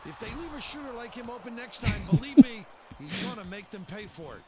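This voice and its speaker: A man's voice: sits high, sing-song, fairly quick. A man calling basketball play-by-play in a video game, speaking in short clipped phrases. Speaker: play-by-play commentator. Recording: quiet game audio from far off.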